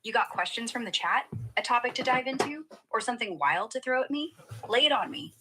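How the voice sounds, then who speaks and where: A synthetic woman's voice acting as a chat assistant, giving playful, breezy, slangy replies full of flattery. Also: fairly high pitch, brisk, a little hiss or hum, low-quality recording. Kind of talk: upbeat conversational replies.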